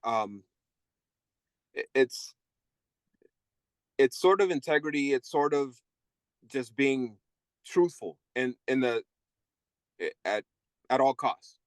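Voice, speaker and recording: A man's voice: medium pitch, takes it slowly, long pauses. A man recalls his years as a correction officer, speaking candidly and at a storyteller's pace. His voice sits in an ordinary middle range. The recording is close and dry, with no room echo. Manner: candid, tells stories acting out inmates' voices. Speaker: guest, former correction officer. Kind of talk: storytelling interview.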